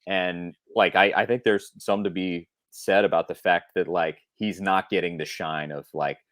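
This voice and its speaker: Podcast co-host, man, low voice, casual rambling delivery, dry room. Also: steady tone, normal speed, a bit bright, dry recording. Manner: rambling, thinks aloud, restarts often. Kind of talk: casual sports talk.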